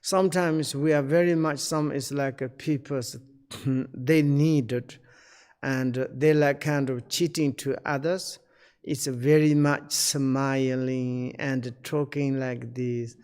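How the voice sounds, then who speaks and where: A male spiritual teacher speaks slowly in broken, searching English. His voice sits at an ordinary middle pitch and he pauses often, clearing his throat. The sound carries a long reverb tail. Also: fairly even intonation, darkish tone. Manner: halting non-native English, searching for words; unhurried, frequent fillers and throat-clearing. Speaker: Buddhist teacher.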